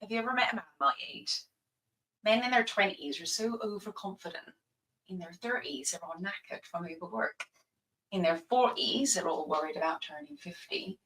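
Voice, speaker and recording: A woman's voice: mid-range voice, expressive, normal speed, a bit bright, far from the mic, rough recording. A woman playing a teasing young woman.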